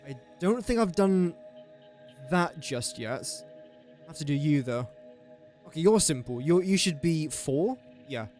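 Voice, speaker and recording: Lad streaming a game, bit higher voice, muttering through maths and chatting to chat, some quiet music. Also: male voice, animated, a little slow. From England. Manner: thinks aloud while doing sums, chatty and joking. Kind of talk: casual live-stream chat.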